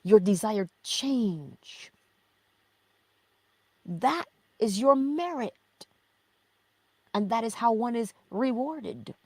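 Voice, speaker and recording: A woman's voice: fairly high pitch, animated, extremely slow, long pauses, mellow, no room sound. A middle-aged woman hosting a spiritual teaching livestream, reading viewer chat, affectionate, laughing often and slipping into whispers.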